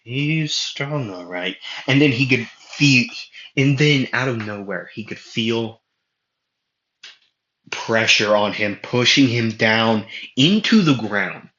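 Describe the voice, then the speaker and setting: A man's voice: mid-range voice, expressive, slow, bright, forceful tone. A man casually telling an improvised fan story, rambling with lots of fillers and self-corrections. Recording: muffled lo-fi audio in an echoey room.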